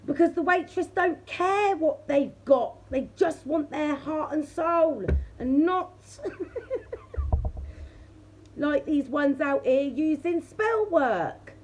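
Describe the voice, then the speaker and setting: Chatty woman tarot reader, high voice. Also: slow, slight background noise. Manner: chatty, laughs often, addresses viewers directly. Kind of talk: casual tarot reading chat.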